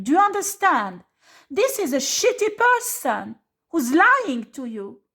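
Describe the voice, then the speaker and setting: Scolding, foul-mouthed woman tarot reader. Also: sits high. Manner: scolding, blunt and profane; emphatic, repeats rhetorical questions. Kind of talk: tarot card reading.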